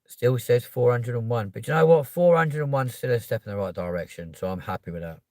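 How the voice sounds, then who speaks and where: A young man with a London accent hosting a live stream, chatting casually and cheekily with viewers and bursting into loud pleas to subscribe. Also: medium pitch, fairly quick, no echo. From England. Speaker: livestream host. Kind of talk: casual live chat reading comments.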